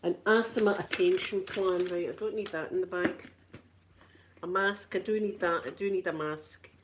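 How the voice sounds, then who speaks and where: A woman's voice: on the low side, fairly even intonation, normal speed, slight background noise. A middle-aged woman with a Scottish accent chatting casually to viewers on a live stream. She repeats herself and laughs often. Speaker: channel host.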